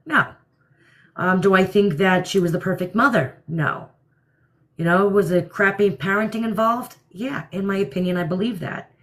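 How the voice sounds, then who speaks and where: A woman's voice: mid-range voice, moderate pace, fairly bright tone. Blunt New York-area woman live-streaming. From New Jersey. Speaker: livestream host. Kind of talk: casual livestream chat, reacting to viewer comments.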